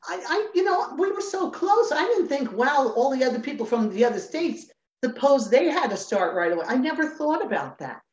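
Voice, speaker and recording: This former Rockette, an older woman appearing as an interview guest, speaks in a high voice at a fairly quick clip. She brings her story to life by acting out the characters in it and frequently breaks into laughter. The remote recording sounds roomy and a bit dull.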